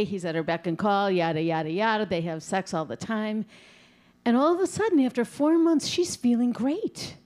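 A woman who works as a cocktail server, telling a long joke at a jazz club mic and acting out the characters' voices. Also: medium pitch. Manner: brisk, animated storyteller acting out voices.

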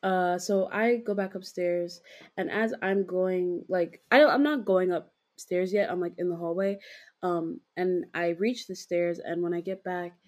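A woman's voice: on the low side, unhurried. A young woman co-hosting a podcast, retelling a dream in a rambling, giggly way with lots of fillers and casual swearing. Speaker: podcast co-host.

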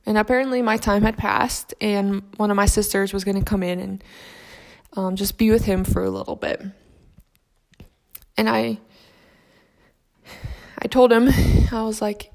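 A young adult woman telling a personal story about grief in a soft, reflective, halting way. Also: medium pitch, vocal fry.

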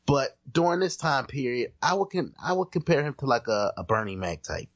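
A man's voice: medium pitch, lively intonation, brisk, dry recording, muffled recording. A man co-hosting a podcast in casual chat, talking emphatically and restarting his sentences often. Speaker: podcast co-host.

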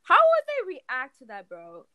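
A woman chatting casually with friends, loud and teasing, full of slang and laughter. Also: high-pitched, wildly swooping pitch, measured pace, no echo. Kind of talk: casual group chat.

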